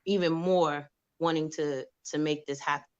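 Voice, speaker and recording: A woman's voice: sits low, normal speed, clean tone, lo-fi sound. A woman from New York, an actress and producer, telling stories in a casual interview and acting out the voices of the people she quotes. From New York, USA. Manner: animated, acts out quoted voices.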